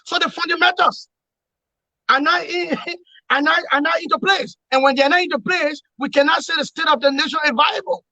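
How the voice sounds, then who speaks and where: Man, opposition commentator, emphatic, bright forceful voice, dry lo-fi sound. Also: very high-pitched, a little fast, dry recording. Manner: emphatic, repetitive, lecturing. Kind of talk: political analysis in an interview.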